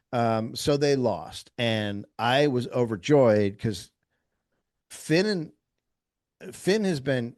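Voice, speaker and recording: A man who is a comedian guest, telling a story in casual podcast chat, animated and profane, acting out quotes. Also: mid-range voice, no room sound, studio quality.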